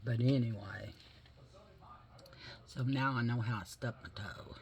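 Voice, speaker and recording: A man talks through his makeup routine in a slow, meandering way, drifting between stories and product chatter. He swears without fuss and drops to a whisper for little asides, his voice sitting at an everyday middle pitch. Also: steady tone, gravelly. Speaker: makeup vlogger. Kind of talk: casual chat while doing makeup.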